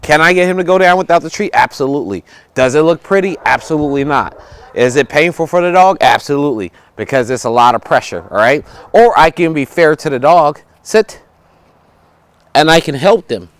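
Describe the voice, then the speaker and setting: Male dog trainer, higher-pitched, instructional; plain step-by-step explanation with short commands to the dog, outdoors. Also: animated, brisk, smooth. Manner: explains step by step, tags lines with "right?" and "okay?".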